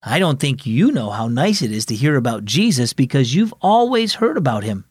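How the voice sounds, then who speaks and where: A man voicing a quiet, thoughtful boy in a children's audio story, speaking in a subdued, earnest way. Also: mid-range voice, big pitch swings, moderate pace, husky, no room sound, studio quality. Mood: wistful.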